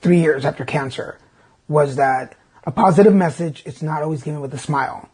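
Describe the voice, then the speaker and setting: A man's voice: on the high side, fairly quick, darkish tone, husky. A man hosting a casual podcast interview, speaking in a reflective and supportive way. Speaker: podcast host and reader.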